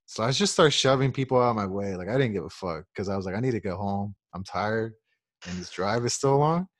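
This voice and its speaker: A young man with a low voice tells a rambling, swear-laden story on a podcast. He acts out what people said along the way. The sound is dry and close, with no room echo. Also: lively intonation, brisk. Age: young adult. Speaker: podcast co-host. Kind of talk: casual storytelling.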